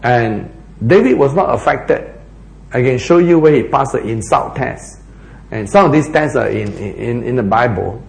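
A man preaching a sermon, emphatic and animated, often acting out quoted lines. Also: mid-range voice, normal speed, vocal fry. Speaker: pastor. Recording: echoey hall.

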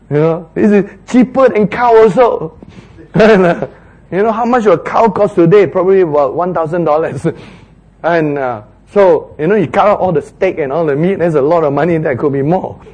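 Man, preacher, high voice, animated sermon, chuckles between lines. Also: moderate pace. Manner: animated, laughs often, acts out biblical dialogue with big pitch jumps.

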